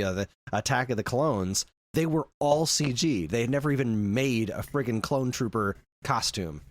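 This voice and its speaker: Male co-host, casual, animated rant; very expressive pitch, dead-dry room. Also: no echo. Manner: animated ranting, acts out quotes. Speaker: podcast co-host. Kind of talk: casual chat.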